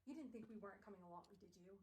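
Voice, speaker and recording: A woman's voice: mid-range voice, rapid-fire, a little mellow, a little hiss or hum, natural voice. A woman voicing a cocky young man who teases. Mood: teasing.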